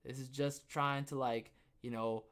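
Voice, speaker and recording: A young man hosting a casual livestream podcast, rambling and joking, who bursts into loud, excited outbursts. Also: medium pitch, a little slow. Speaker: podcast host.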